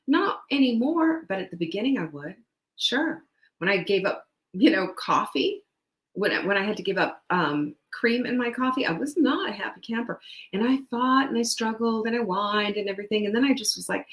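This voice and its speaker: A woman's voice: on the high side, expressive, normal speed. A woman host and nutrition coach giving a casual motivational talk, chatty and emphatic, with laughs between her points. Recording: roomy echo.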